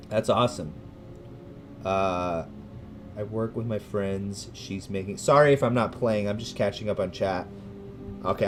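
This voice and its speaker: A lowish-voiced man with a Californian American accent chats casually with viewers on his gaming livestream. He rambles and hesitates, restarting often, then bursts into loud, cheerful greetings.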